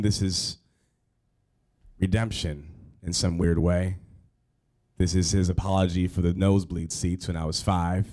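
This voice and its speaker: A man in his thirties telling an emotional personal story on stage at a live storytelling show, self-mocking, with excited bursts. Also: deep voice.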